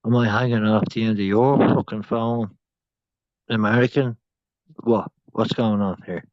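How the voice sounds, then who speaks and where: A man talking on a phone in a rambling casual chat, swearing a lot and swinging from loud outbursts to whispers. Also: on the low side, steady tone, measured pace, no room sound, muffled recording.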